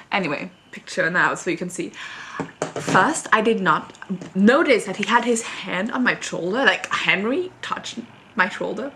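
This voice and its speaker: Bright-voiced young woman rambling a storytime. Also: medium pitch, unhurried, a little hiss or hum. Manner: rambling, filler-heavy, animated retelling. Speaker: vlogger. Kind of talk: casual storytime chat to camera. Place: at home, moving between rooms.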